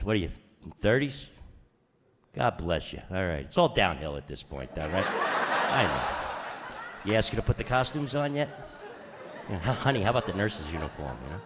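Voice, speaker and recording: A man's voice: low-pitched, fairly bright tone. Brash middle-aged man doing stand-up in a hall. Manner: brash, punchy joke delivery with mock-exasperated asides. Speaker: stand-up comedian. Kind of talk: stand-up comedy routine.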